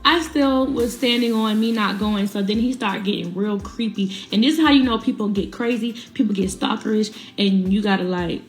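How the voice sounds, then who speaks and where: A woman's voice: medium pitch, normal speed, hardly any pauses, faint music behind. A young woman telling a personal story in casual, slangy talk, speaking straight to her viewers. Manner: candid, slangy, addresses viewers directly.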